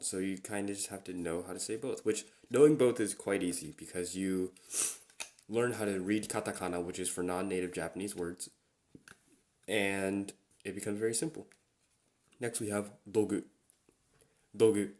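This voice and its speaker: Low-voiced man chatting about Japanese words. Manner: relaxed, slow and repetitive when pronouncing words. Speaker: podcast host. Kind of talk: casual solo chat teaching Japanese words.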